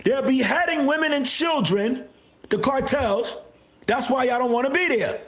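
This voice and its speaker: A man hosting a livestream, delivering a repetitive, confrontational rant with bursts of shouting. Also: very high voice, moderate pace. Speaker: livestream host. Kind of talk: ranting livestream monologue. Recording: echoey room.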